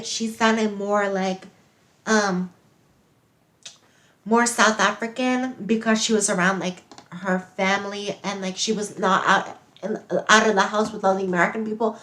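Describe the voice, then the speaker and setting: A woman's voice: medium pitch, fairly bright tone. A woman hosting a casual video, chatty and upbeat as she introduces her guest. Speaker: host.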